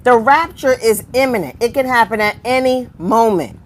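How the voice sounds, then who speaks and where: A woman's voice: on the high side, expressive, normal speed, low-quality recording. A woman preaching informally on a live stream, firing rhetorical questions at her viewers and repeating phrases for emphasis.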